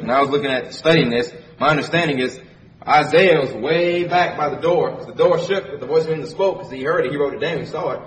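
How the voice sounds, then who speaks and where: Picked up on a distant mic with faint background noise, a man with a fairly high voice preaches a sermon at a fast clip. He reads scripture aloud in King James wording and unpacks it in conversational terms, repeating phrases to drive points home.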